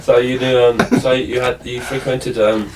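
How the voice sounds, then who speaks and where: A man asking teasing, halting questions in a casual interview, recorded at a distance. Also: mid-range voice, level tone. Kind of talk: casual chat. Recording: distant mic with faint hiss.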